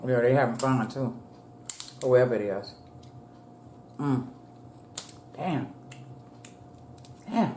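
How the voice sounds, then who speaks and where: A woman's voice: very deep voice, takes it slowly, pauses often, mellow, a little hiss or hum. A middle-aged woman vlogging as she eats, chatting to viewers between bites and calling them y'all. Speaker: mukbang vlogger. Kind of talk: casual chat while eating. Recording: echoey room.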